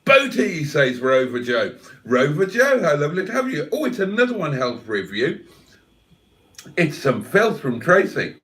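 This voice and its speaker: A man hosts a casual livestream, answering his chat with wry, mock-theatrical teasing. His fairly high voice swings widely in pitch. He sits a little back from the microphone, so the sound is slightly distant. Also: very animated, moderate pace, fairly bright tone. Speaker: livestream host reading chat.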